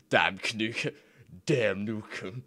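A man's voice: fairly low pitch, slow pace, sharp tone, no room sound. A young man giving casual, rambling commentary on his screen, laughing often and swearing freely. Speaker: YouTuber.

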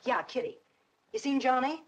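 A woman's voice: sits high, expressive, normal speed. An actress playing a brassy, mocking young woman in a 1940s film, scornful and lovesick for a crook. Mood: brash. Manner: mocking, brash.

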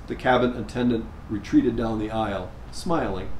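A male priest giving a sermon, telling a story in an unhurried way with measured pauses. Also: medium pitch, darkish tone. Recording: echoey room, faint background noise.

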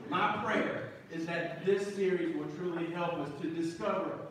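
A man's voice: fairly high pitch, unhurried, background noise. A man preaching a sermon as pastor, folksy and joking, calling out to the congregation. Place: church sanctuary. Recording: echoey church hall, mic from a distance.

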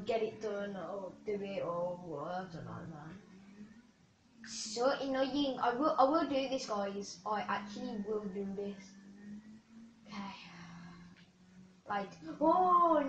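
A woman's voice: medium pitch, a little hiss or hum. A woman giving chatty live gameplay commentary to her viewers, with sudden cheers and yelps. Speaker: gaming video creator. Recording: roomy, distant, dull lo-fi sound.

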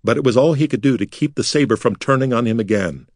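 A man narrating a fantasy audiobook in a measured, dramatic way. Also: medium pitch, darkish tone, no room sound, clean studio sound. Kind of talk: scripted narration.

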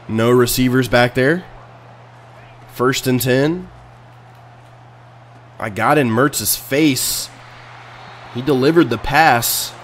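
Excitable man narrating his own gameplay. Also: medium pitch, slight background noise. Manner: excitable, swings from muttering to sudden loud outbursts. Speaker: video game player and channel host. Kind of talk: casual let's-play commentary.

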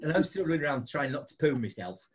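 Lively, high-voiced storytelling man. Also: fast, background noise. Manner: animated, laughing storyteller with big pitch jumps. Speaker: podcast host. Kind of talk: casual storytelling chat.

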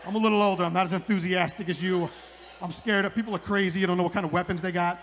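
A man's voice: sits high, fairly even intonation, rapid-fire, fairly bright tone, slight background noise. A middle-aged man doing a rambling stand-up comedy set on a club stage, repeating his lines for the punch.

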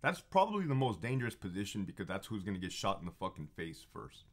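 A man's voice: fairly low pitch, sing-song, quick pace. Profane, fired-up man telling stories. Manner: profane, emphatic, repeats phrases for effect; heated and confrontational. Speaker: former prison officer telling stories. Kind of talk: casual monologue storytelling.

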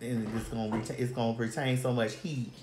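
A woman's voice: extremely low pitch, steady tone, fairly quick, a little mellow, a little hiss or hum. A woman hosting a casual chat, telling brash, profane, rambling stories. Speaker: host. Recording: roomy echo.

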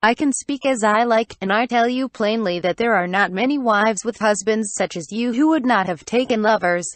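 A woman's voice: fairly high pitch, normal speed, dry recording, natural voice. A woman reading the lines of a proud, scornful countess in an audiobook, in a stern, cold and cutting way.

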